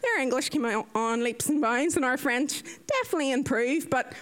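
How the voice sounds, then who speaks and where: An Irish woman in her thirties, a nurse, telling lively stories with frequent laughter and acted-out voices. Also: high-pitched, normal speed. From Ireland. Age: 30s. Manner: lively, laughs often, acts out others' voices. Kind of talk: anecdotal storytelling.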